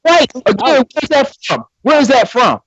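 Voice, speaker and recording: A man's voice: very high-pitched, very animated, moderate pace, a bit bright, slightly rough, dry recording, muffled recording. A man arguing in a heated debate, combative and taunting, often repeating himself.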